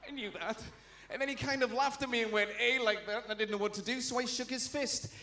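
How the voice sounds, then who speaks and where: A man's voice: very high voice, steady tone, fast talker, sharp tone, roomy sound. A man with a Geordie accent doing a stand-up comedy set, chatty and self-deprecating, bantering with the crowd. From Newcastle, England. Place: live comedy venue.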